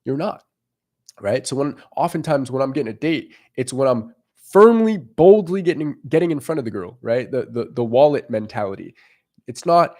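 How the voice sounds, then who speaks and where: A young man in a casual coaching monologue about approaching women. He talks with animated energy, throws in offhand swearing, and keeps checking in with his listener. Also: mid-range voice, normal speed. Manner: animated, acts out quoted lines, swears casually. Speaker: dating coach.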